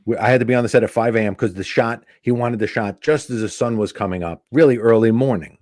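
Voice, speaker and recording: A male comedian, appearing as a guest, tells a casual anecdote with animation, acting out the quoted dialogue. His voice sits at medium pitch and moves quickly, recorded with studio quality and no echo.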